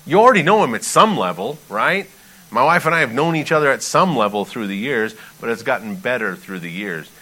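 A pastor gives a casual, conversational sermon, breaking from scripture readings into emphatic asides. His bright voice swings widely in pitch with lively intonation as he pleads and jokes, fairly quickly, on a low-quality recording.

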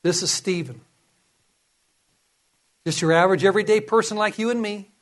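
A man's voice: sits high, moderate pace. A man preaching a sermon, reading scripture and earnestly urging his listeners.

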